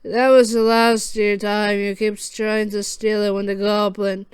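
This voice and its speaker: Reader putting on a sly scottish leprechaun guy, mellow and flat, slow talker. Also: medium pitch, clean tone, no room sound, close to an everyday voice. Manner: slow, mumbling. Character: smiling male leprechaun, sly and teasing. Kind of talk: fan audio story reading.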